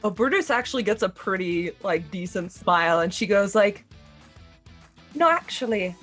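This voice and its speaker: A woman's voice: medium pitch, soft background music. A woman playing a tabletop role-playing game, laughing often between her lines. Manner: laughs often, slow and animated. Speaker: player. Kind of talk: casual tabletop play.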